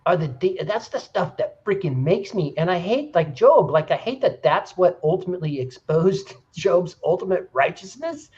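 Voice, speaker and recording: A man in an earnest group discussion, retelling stories with animated, rising emphasis. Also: high voice, moderate pace, few pauses, slightly rough, muffled recording. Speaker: discussion participant. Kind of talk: casual discussion.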